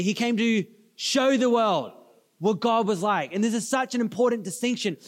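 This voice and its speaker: A man preaching in a big, echoing church hall, his voice sitting high for a man. He tells stories in a casual, chatty way and pulls the congregation in to answer back. The long reverb of the room trails after each phrase. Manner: storytelling, conversational asides, audience call-and-response. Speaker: pastor. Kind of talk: sermon.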